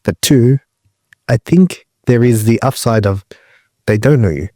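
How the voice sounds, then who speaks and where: A man's voice: medium pitch, unhurried, mellow, no echo, studio quality. A man co-hosting a podcast who chats casually, rambling and questioning as he builds his point. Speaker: podcast co-host.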